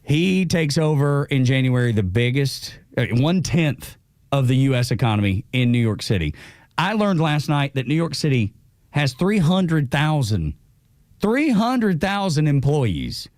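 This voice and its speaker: Animated opinionated radio host, man. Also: medium pitch, normal speed, dry recording, studio quality. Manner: animated, opinionated, repeats himself. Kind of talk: casual radio banter. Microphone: studio mic.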